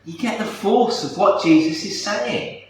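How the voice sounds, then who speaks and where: A man's voice: sits high, unhurried, slight background noise. A man preaching a sermon as pastor, talking conversationally and asking his listeners rhetorical questions. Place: church hall. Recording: echoey church from a distance.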